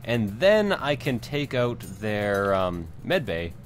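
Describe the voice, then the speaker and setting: A young man with a French accent narrates his game in a lively, sing-song way, full of swearing and quick asides. Faint game music sits under his voice. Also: fairly low pitch. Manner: profane, chatty, animated. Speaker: let's play host. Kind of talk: casual gameplay commentary.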